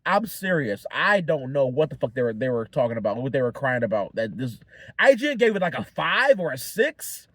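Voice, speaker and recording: A young man giving a rambling, excitable solo movie review, swearing often and restarting his sentences. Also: medium pitch, brisk, no echo.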